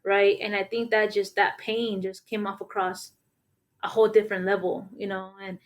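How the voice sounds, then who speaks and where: Young adult woman, podcast co-host; loose storytelling packed with fillers, mid-pitched, conversational. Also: level tone, moderate pace. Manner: rambling storytelling, heavy with fillers. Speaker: podcast co-host and middle school math teacher. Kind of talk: casual podcast discussion.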